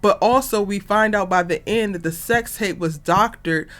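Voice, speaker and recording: A woman reviewing a TV episode in a casual, animated and exasperated way, talking straight to her viewers. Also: mid-range voice, normal speed. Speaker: TV review vlogger.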